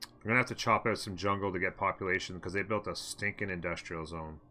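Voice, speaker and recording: A man talks through a strategy game in live commentary, muttering his plans to himself and answering his viewers. His voice sits fairly low but sounds very bright and forceful, with a tense edge. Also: steady tone, fast, faint music behind. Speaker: let's play host.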